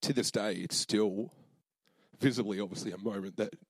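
A young man preaching in a low voice, telling a story casually and earnestly, with plenty of fillers. The sound is close and dry, with almost no room echo. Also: steady tone, moderate pace, breathy edge. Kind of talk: sermon storytelling.

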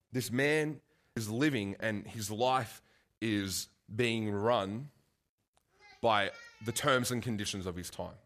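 A man's voice: on the low side, fairly bright tone. A man preaching a casual, conversational sermon, full of asides and restarts.

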